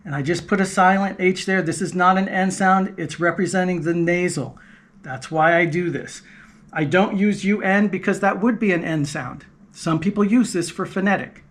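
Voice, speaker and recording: A man's voice: high voice, normal speed, fairly bright tone. A man giving a patient, explanatory language lesson, repeating key points and demonstrating sounds aloud. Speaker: language teacher.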